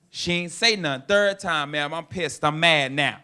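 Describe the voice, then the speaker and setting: A man from North Carolina, performing a stand-up set with loud, punchy storytelling. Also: fairly high pitch, animated, normal speed, clean tone. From North Carolina, USA. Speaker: stand-up comedian.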